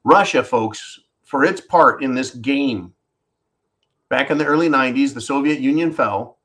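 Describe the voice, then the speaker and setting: A man of middle pitch delivering ranting commentary on a livestream. He talks bluntly and swears often, addressing his audience directly. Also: unhurried, a bit bright. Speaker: livestream host.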